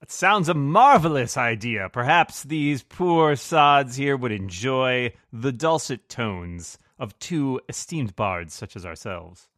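A man's voice: mid-range voice, animated, takes it slowly, hardly any pauses, fairly bright tone, dry recording, studio quality. A man doing a pompous, grand bard. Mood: grandiose.

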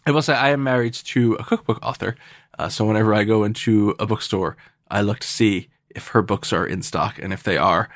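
A man's voice: on the low side, a little fast, a bit bright, dry recording, studio quality. A man hosting a podcast, chatting casually and joking with a guest, laughing often. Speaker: podcast host. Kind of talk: casual chat.

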